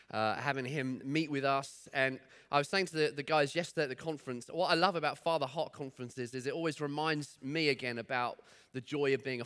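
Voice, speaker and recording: Bright-voiced male pastor preaching. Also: mid-range voice, clear, resonant tone. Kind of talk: sermon. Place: church.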